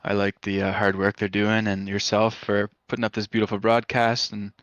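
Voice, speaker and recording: A man's voice: on the low side, completely flat delivery, normal speed, fairly bright tone, dry recording. A man from Canada giving a post-race interview as a driver, hesitant and full of fillers, over voice chat. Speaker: racing driver being interviewed. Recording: dull, lo-fi voice chat.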